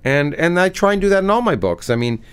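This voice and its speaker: A man's voice: high-pitched, fast, clear, resonant tone. Give me an enthusiastic middle-aged man, a scientist and author, chatting in an interview. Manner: animated and enthusiastic, with many restarts. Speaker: physicist and author, guest. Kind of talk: conversational interview, reading aloud from his book.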